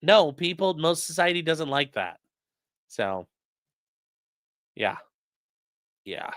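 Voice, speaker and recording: A man's voice: on the high side, big pitch swings, slow, a bit bright, dry recording. A man commentating on news in a casual live stream, crude and mocking, reading chat messages aloud.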